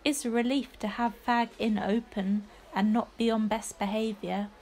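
A woman narrating a first-person diary audiobook in a clipped, wry, deadpan way. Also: a little high, normal speed, a little hiss or hum.

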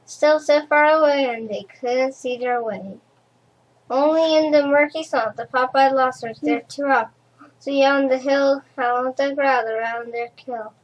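A woman reads a rhyming children's storybook aloud at a slow, rhythmic pace. Her voice sits high, and she stumbles over a word now and then. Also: dull audio. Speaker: storybook reader.

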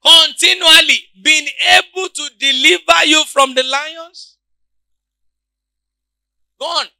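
Pastor guy preaching, highish voice, dry close mic, asks the crowd stuff then shouts it out. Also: takes it slowly, vocal fry, dry recording. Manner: call-and-response preaching, swings from low murmurs to shouts. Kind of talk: sermon.

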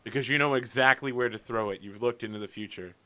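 Bright-voiced man running a tabletop game. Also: mid-range voice, fast talker. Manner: animated, laughs and reads rules aloud. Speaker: game master. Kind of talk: casual tabletop game chat.

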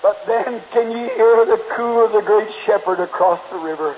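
At a church meeting, a man with a high-pitched voice preaches an altar call and closes in prayer, pleading fervently with the congregation at a moderate pace. The sound comes from dull, lo-fi 1950s tape with faint hiss.

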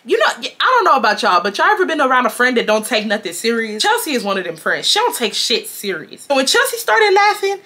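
A woman in her twenties from Houston, telling a storytime to her viewers in a chatty, animated way and calling them y'all. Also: fairly high pitch, fast, few pauses. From Houston, Texas. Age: 20s. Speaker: storytime vlogger.

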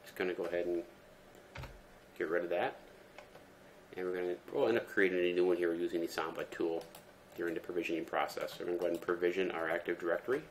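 Low-voiced guy doing a step by step tech tutorial, laid back, lots of ums, faint hiss and keyboard clicks behind. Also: quick pace, pauses often. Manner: relaxed step-by-step explaining with fillers. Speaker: tutorial presenter. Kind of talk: screen-recorded tech tutorial.

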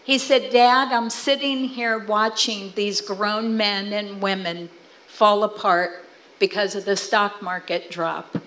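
This is a storytelling talk at church: a middle-aged guest speaker shares family stories with animation, voicing what family members said. She has a mid-range voice and a slow pace, and the recording quality is low.

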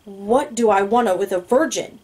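Woman reading a controlling young man, growling, exasperated, mellow tone, audiobook. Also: mid-range voice, moderate pace, natural voice. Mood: angry. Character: intense, controlling young man, quick to anger.

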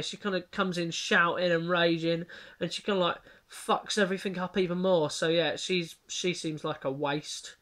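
A man's voice: high-pitched, fairly even intonation, moderate pace, a bit bright. A young man giving a casual, rambling review of a TV show, blunt, mocking and full of swearing. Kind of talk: casual ranting commentary.

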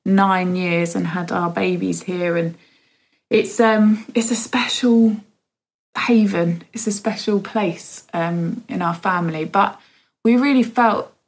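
A woman in her thirties giving a heartfelt spoken testimony in a church service, halting with many pauses and fillers. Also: on the low side, rough recording.

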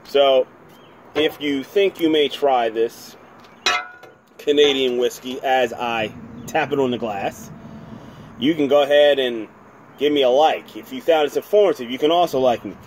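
A chatty man from New Jersey reviews a bottle on his own channel, rambling and poking fun at himself as he goes. His voice sits at an ordinary middle pitch. A faint hum of noise runs under the recording. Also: measured pace, pauses often, darkish tone. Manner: chatty, rambling, self-deprecating. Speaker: whisky reviewer, channel host. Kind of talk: casual home video review.

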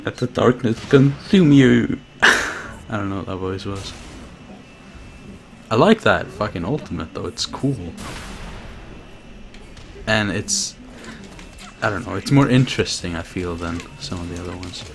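A man streaming himself playing a fighting game, chatting casually, swearing and laughing, with bursts of excited shouting. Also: low voice, unhurried, creaky, long pauses. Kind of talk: casual gameplay commentary.

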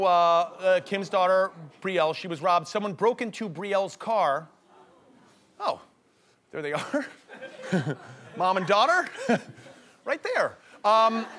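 A young male comedy host delivers an animated, jokey monologue, his voice high and bouncing all over the place. The tone is bright and forward. A faint audience and a little noise can be heard in the studio. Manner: animated, jokey storytelling with laughs.

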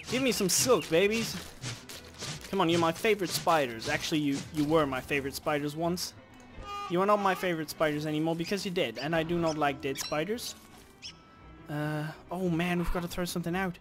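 A man commenting on his game as he plays, chatting casually, cursing at creatures and bursting into loud shouts. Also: a little high, normal speed, music in the background. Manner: animated, swears at game creatures, sudden loud outbursts. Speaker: let's play host.

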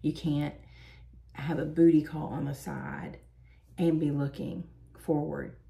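A woman's voice: low voice, creaky. A woman, chatting and laughing as she tells stories while doing her makeup. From Southern United States. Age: 40s. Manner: chatty, animated, quick to laugh. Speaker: beauty vlogger.

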